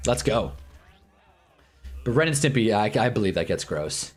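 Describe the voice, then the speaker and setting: A man's voice: fairly low pitch, very animated. A young man hosting a sports watch-along livestream, chatting casually and candidly, rambling and swearing, repeating himself, with faint music behind him. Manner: puts on quick voices for quoted people. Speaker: livestream host.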